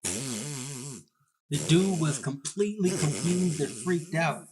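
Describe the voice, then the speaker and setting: A man's voice: fairly high pitch, animated, takes it slowly, crowd noise. Casual, slangy man telling a comic story. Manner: casual, slangy, self-mocking. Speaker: storyteller narrator. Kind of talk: comedic story narration.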